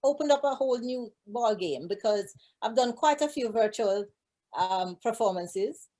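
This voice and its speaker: A woman's voice: a little high, expressive, unhurried, mellow. A woman recording artist chatting casually as an interview guest, talking freely with many fillers. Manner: chatty, frequent fillers and restarts. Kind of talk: casual conversation.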